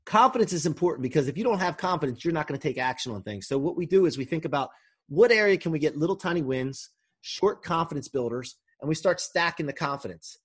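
A man's voice: on the high side, animated, fast talker, breathy edge. A man who coaches people, talking casually and eagerly from home as a podcast guest, rambling and restarting often. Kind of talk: casual interview talk. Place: home during quarantine.

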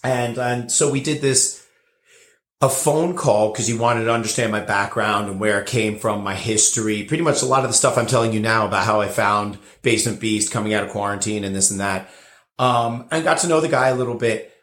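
A man's voice: fairly low pitch, a little fast, fairly bright tone. A man, a bartender guest on a podcast, telling a long story in a rambling way with many fillers and restarts. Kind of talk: casual interview storytelling. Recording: roomy echo.

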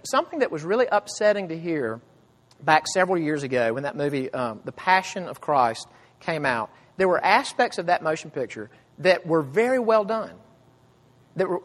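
Earnest male pastor preaching, slightly high voice, long hall reverb, swings from loud to hushed. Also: expressive, brisk. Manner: earnest, builds to loud emphatic cries then drops to hushed low tones. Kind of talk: sermon.

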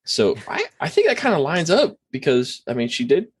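A man's voice: fairly high pitch, huge pitch swings, moderate pace, slightly rough. A man joking and bantering casually about a TV show.

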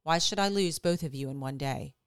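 A woman's voice: sits low, brisk, smooth, no room sound, studio quality, natural voice. A woman reading the lines of a worried mother urgently warning her son. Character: worried protective mother Rebekah.

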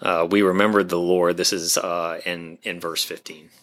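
A podcast co-host with a low voice and a bright, forceful tone. He keeps his replies short and agreeing, and he moves the talk through its numbered points. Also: level tone, normal speed. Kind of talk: podcast discussion.

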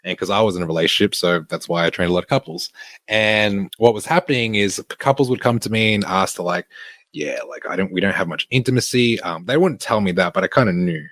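A man's voice: on the low side, expressive, quick pace, fairly bright tone, no echo. An Australian man, a fitness coach, telling a story in a casual, sweary way and laughing often.

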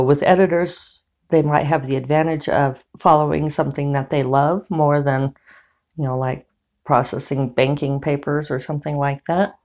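A woman novelist with a low voice talks casually to her viewers. Her delivery is wry and rambling, filled with "you know" asides. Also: a little mellow. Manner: chatty, wry, many fillers. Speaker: novelist and vlogger. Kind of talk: casual chat to camera.

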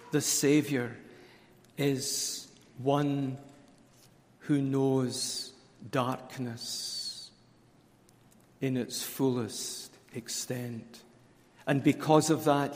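Male preacher, conference sermon; slow, weighty delivery, hall reverb. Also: medium pitch, a little mellow. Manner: slow, deliberate, emphatic repetition.

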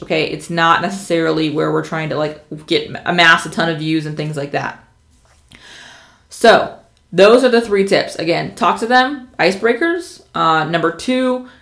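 A woman giving casual social media marketing tips, talking fast and with passion, with plenty of fillers. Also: fairly low pitch, vocal fry, reverberant. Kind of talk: casual instructional talk to camera.

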